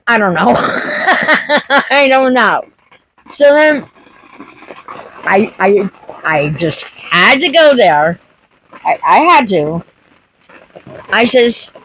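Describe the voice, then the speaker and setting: A woman's voice: fairly high pitch, very animated, very slow, long pauses, fairly bright tone, slight background noise, low-quality recording. A woman homestead vlogger chatting casually to camera, telling a story with acted-out quotes.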